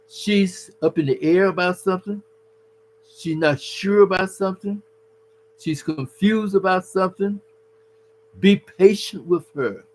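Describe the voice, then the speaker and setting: A man's voice: on the high side, slight background noise, poor audio. A man giving earnest, preachy relationship advice to husbands, calling the listener his brother. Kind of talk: casual advice talk.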